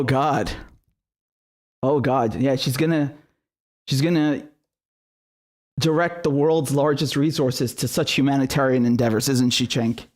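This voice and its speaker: A man's voice: a little high, steady tone, measured pace, long pauses, darkish tone. Profane, sarcastic man ranting. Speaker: political commentator. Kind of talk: solo commentary rant.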